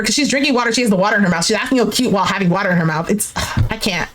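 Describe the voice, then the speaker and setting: A young woman doing a recap of a dating show, reacting with exasperation and swearing, and acting out the cast's lines in a lower voice. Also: animated, fast. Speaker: recap streamer. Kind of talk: animated reaction commentary.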